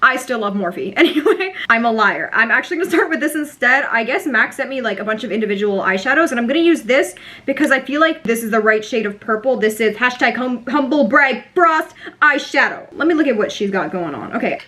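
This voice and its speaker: A woman's voice: a little high, fairly bright tone. A woman in her twenties chatting through a makeup tutorial, bubbly and self-mocking with lots of fillers. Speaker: beauty vlogger.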